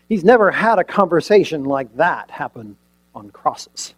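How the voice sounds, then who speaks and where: Over poor audio, a man with a fairly high, sing-song voice preaches unhurriedly. He dramatically retells a scene, asking rhetorical questions and dropping suddenly from loud emphasis to almost a whisper.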